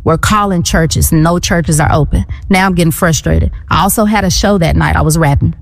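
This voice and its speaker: A woman in her thirties tells her testimony in an interview, her voice on the lower side. She is animated and acts out the people in her story. The sound has a long reverb trailing behind it. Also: brisk, creaky, soft background music. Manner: animated storyteller, acting out quotes. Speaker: guest.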